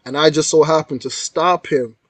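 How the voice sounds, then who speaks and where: A man's voice: fairly high pitch, normal speed, no echo. A young man, a guest artist, telling a story in a casual, slangy interview style. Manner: animated storyteller, slangy with frequent "yo" and "like".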